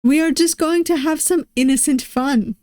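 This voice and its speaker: A man's voice: extremely high pitch, moderate pace, a little mellow, no echo, clean studio sound, pitched above the performer's own voice. A woman voicing a playful young male pirate weapons master who loves pranks, in a fan reading of a game's scenes. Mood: cheerful. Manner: bubbly, teasing.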